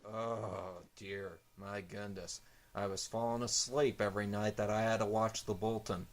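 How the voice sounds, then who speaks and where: A man's voice: fairly low pitch, fairly even intonation, moderate pace. A man hosting an online news show, chatting with his co-host and signing off the program in a folksy way. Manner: folksy, chatty, announces the lineup. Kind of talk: show host banter and sign-off.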